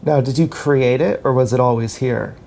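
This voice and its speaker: A man talks to camera in a loose, wandering monologue, poking fun at himself and circling back on his own thoughts. His voice sits low and mellow with a gravelly fry running through it. He moves while he talks, dancing as he rambles. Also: fairly even intonation, moderate pace, a little hiss or hum. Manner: meandering, self-mocking, thinks aloud with many restarts. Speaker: vlogger.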